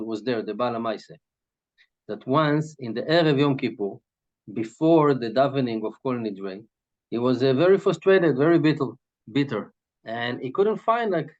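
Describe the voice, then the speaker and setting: A man's voice: mid-range voice, darkish tone. Man explaining a Hasidic text, dull sound. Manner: checks in with "right?", explains Hebrew terms in English. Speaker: Torah teacher. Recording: dull lo-fi recording.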